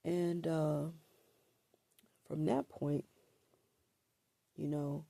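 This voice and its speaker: A woman with a gravelly, husky voice and a throat scratchy from allergies tells her own story to camera. She talks slowly and haltingly, repeating words and filling pauses with "like" and "um." Her tone is mellow and dark, and the sound is dry and close. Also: low-pitched, little pitch movement, no echo. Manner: halting and hesitant, repeats words and fills with 'like' and 'um'.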